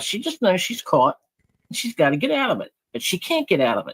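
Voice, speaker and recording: A woman's voice: fairly low pitch, huge pitch swings, brisk, husky. A woman in a live group chat, talking indignantly and defending herself against someone she accuses. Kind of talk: casual heated chat.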